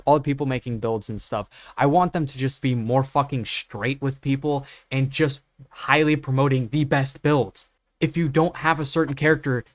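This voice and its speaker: A man's voice: medium pitch, no room sound. A young man ranting about game builds, exasperated and profane, with lots of fillers. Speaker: gaming YouTuber. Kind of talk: unscripted rant.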